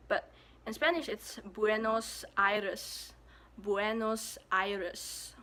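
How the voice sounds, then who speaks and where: A woman's voice: medium pitch, sharp tone. A young woman from Malaysia casually vlogging, playful and self-mocking, repeating words as she tries to pronounce them. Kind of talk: casual pronunciation vlog.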